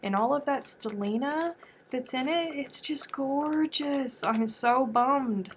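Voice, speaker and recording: A woman's voice: high voice, takes it slowly, slight background noise. A woman from the United States hosting a crochet livestream, chatting casually and thinking aloud as she answers viewer comments. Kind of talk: casual livestream chat while crafting.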